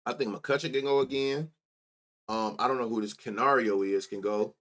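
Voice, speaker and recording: A man's voice: medium pitch, fairly even intonation, normal speed, fairly bright tone. A man hosting a sports betting show, thinking aloud in casual chat as he reads off numbers and mutters to himself. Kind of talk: casual solo stats rundown.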